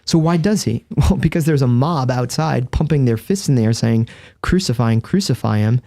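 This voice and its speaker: A man's voice: medium pitch, expressive, moderate pace, vocal fry, dark tone, no echo. A man, a Catholic priest and guest, explaining in earnest, vivid storytelling with a close studio microphone. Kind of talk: conversational explanation.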